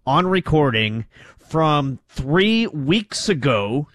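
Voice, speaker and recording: A man co-hosts a sports talk radio show on a studio mic in a dry, close sound. He argues his points with energy, and his voice jumps up high when something bugs him. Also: big pitch swings, very slow, fairly bright tone, no room sound. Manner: gets worked up, voice climbing when riled.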